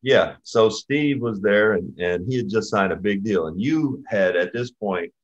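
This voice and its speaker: A middle-aged man hosting a chat show, telling a story in a relaxed, halting way with lots of ums. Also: fairly low pitch. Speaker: podcast host. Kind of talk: casual interview chat. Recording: slightly dull lo-fi audio.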